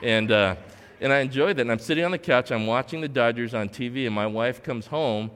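A man's voice: medium pitch, brisk, clear, resonant tone. Male pastor preaching in a reverberant hall. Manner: preaching with emphatic repetition, shouting at peaks. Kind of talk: sermon.

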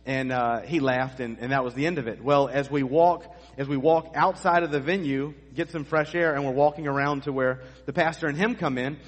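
A man's voice: mid-range voice, fairly even intonation, a little fast, hardly any pauses. A middle-aged male pastor preaching a sermon, telling stories in a conversational way with asides to the congregation. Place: church sanctuary. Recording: long hall reverb.

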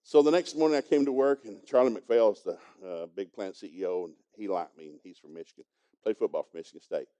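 Fast-talking man with a very dark voice. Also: on the low side, lo-fi sound. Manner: folksy storytelling, chuckling as he goes. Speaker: pastor teaching a congregation. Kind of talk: sermon with a personal story.

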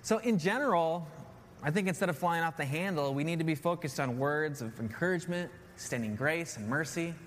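A man's voice: on the high side, brisk, fairly bright tone. Preacher, male, thirties: earnest, drives points home with repetition, hall reverb, light hiss. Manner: earnest, repeats key phrases with "right?". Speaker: pastor. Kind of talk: sermon. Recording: long hall reverb, faint noise.

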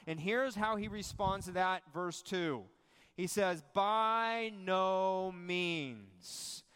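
A pastor preaching a sermon, emphatic and animated, piling up repetitions and rhetorical questions to a church congregation. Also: male voice, sits high, smooth. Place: church sanctuary. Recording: long hall reverb.

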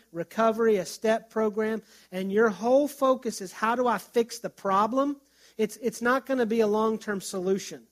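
A middle-aged man, a pastor, preaching in a conversational way and telling stories, with frequent restarts. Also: high voice. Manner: conversational, storytelling with self-restarts. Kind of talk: sermon.

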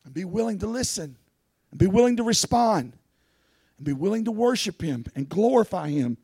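A man's voice: high-pitched, sing-song, normal speed, mellow, husky, dry recording, studio quality. A man preaching a sermon as pastor, telling personal stories earnestly and rising into fervent pleading.

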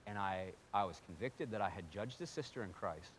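A man preaching a sermon as pastor, telling his story in a swinging voice that drops to a hush and rises to near-yelling. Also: fairly low pitch, lively intonation, brisk, a little hiss or hum.

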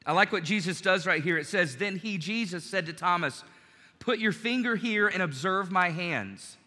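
A man's voice: high-pitched, animated, normal speed, pushed and bright, in a large hall. A man preaching a sermon in a conversational way, acting out quoted lines as he goes. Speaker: pastor.

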